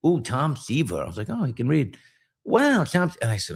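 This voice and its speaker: A man's voice: medium pitch, a little fast, creaky, slightly rough. A middle-aged man, a podcast host, telling a story in casual chat and acting out voices in it. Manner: animated, acts out voices in his stories.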